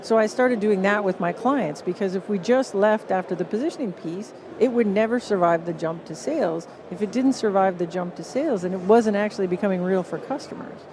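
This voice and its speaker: A woman with a Canadian accent, a guest on a live podcast at a conference stage, explaining with lively acted-out quotes. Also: mid-range voice, fairly quick, hardly any pauses, background noise. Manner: animated, acts out what others say. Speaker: guest author.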